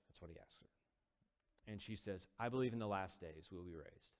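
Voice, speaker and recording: A man's voice: deep voice, normal speed, big-room sound. A man casually retelling a Bible story as a teacher, conversational with quoted dialogue. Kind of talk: casual Bible study talk.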